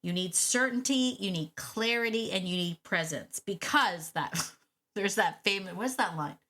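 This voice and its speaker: A woman dog trainer hosting a solo podcast, speaking directly to listeners in an animated, encouraging way and repeating her key points. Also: mid-range voice. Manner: animated, repeats key phrases, acts out quick quoted thoughts. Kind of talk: solo podcast coaching talk.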